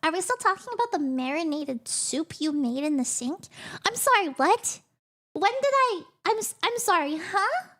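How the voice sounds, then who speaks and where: A woman's voice: very high voice, animated, normal speed, a bit bright. A young woman live-streaming in casual chat, giggling often and breaking off mid-sentence.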